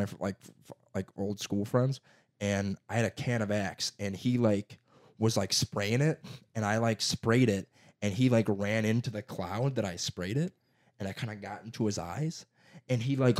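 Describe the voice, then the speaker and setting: A man's voice: on the low side, moderate pace. A young man in casual chat, telling childhood stories with lots of swearing and put-on voices. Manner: profane, animated storytelling with put-on voices.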